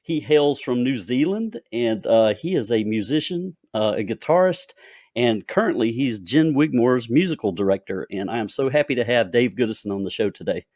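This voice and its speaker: Male podcast host, mid pitch, friendly interviewer, dry close sound. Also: expressive, moderate pace, darkish tone, no room sound. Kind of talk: casual interview.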